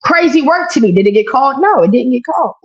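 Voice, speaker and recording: A woman's voice: sits high, animated, quick pace. A woman co-hosting a podcast, ranting in casual, profane slang. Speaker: podcast co-host. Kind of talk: casual political chat. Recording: dull lo-fi stream audio.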